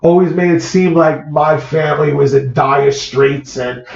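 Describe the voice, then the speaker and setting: A man, an actor, recalls a personal story in conversation, halting and repeating words as the feeling comes through. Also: on the high side, creaky. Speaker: actor, guest. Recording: roomy, dull lo-fi sound.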